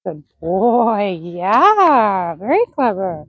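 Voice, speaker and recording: A woman horse trainer talking through a training session, praising and coaxing the horse in a soft, encouraging voice. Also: mid-range voice, very animated, drawn-out words, husky, dry recording, highs cut off. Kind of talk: live commentary while training a horse.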